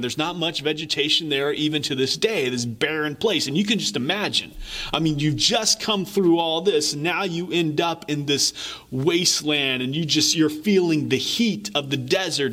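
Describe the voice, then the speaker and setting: A man's voice: a little high, a bit bright. A man preaching a sermon, retelling scripture stories in a vivid, conversational way.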